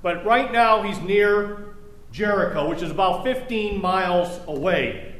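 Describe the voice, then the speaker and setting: High-voiced pastor preaching in an echoey room. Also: male voice, a little slow, a bit bright. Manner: conversational, with joking asides. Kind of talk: sermon with scripture reading.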